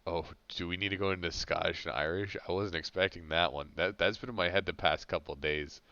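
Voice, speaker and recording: Young male co-host, very low smooth voice, rambling delivery, dry slightly muffled mic. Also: steady tone, sharp tone, no echo. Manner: rambling, halting with restarts and fillers. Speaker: podcast co-host. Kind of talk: casual chat.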